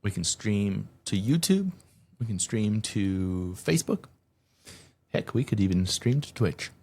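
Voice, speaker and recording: A man with a fairly low voice hosts his own podcast in a loose solo monologue. He talks in an energetic, chatty way, and his pitch jumps up high when he gets excited. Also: a little slow, breathy edge. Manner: energetic, conversational, hype greetings. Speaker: podcast host.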